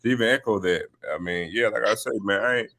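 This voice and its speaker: A man's voice: lowish voice, fast, pushed and bright. A man guesting on a live sports chat, talking in an emphatic, slangy way about putting in the work. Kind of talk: casual live-stream chat.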